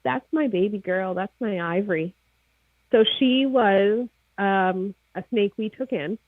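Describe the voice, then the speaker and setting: A chatty, excitable woman with a Maritime Canadian accent talks as a guest over a video call. Her voice comes through a tinny, phone-like line with a narrow band. The sound is dry, with no room around it. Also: medium pitch, unhurried, no room sound. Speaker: guest, snake breeder. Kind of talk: casual livestream interview.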